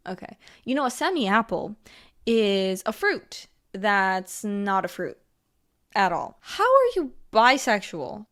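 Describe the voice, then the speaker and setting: A woman's voice: mid-range voice, fairly bright tone. A woman commenting on video clips in a sarcastic, mocking way. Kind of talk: casual reaction commentary.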